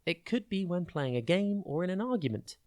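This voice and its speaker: An upbeat tutor hosts a scripted children's vocabulary podcast. The voice sits at a middling pitch but swings up and down a great deal, spelling out and defining each word with care. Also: big pitch swings, a little fast, darkish tone.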